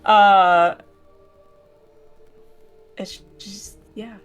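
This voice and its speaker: A woman's voice: medium pitch, steady tone, extremely slow, soft background music. A woman playing a tabletop game, describing her character's actions hesitantly with many fillers. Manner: hesitant, filler-heavy, warm. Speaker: player. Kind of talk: casual tabletop game play.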